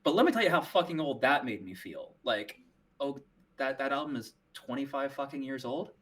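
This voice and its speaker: A man with an average-pitched voice co-hosts a podcast. He rambles through a casual story with halting restarts and offhand swearing. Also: animated, a bit bright. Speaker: podcast co-host. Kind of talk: casual chat.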